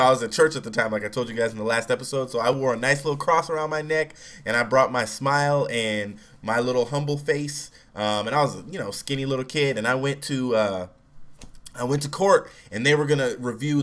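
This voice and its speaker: A young man telling a personal story in a relaxed, casual way, acting out quotes loudly. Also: mid-range voice. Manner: relaxed, acts out quotes with raised voice.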